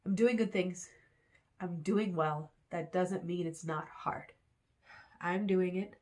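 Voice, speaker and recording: A woman with a somewhat low voice talks to her camera in a loose, rambling vlog. She repeats her phrases over and over, giving herself a pep talk. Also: steady tone, very slow, pauses often, a little mellow. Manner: repetitive, self-encouraging, rambling. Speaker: vlogger.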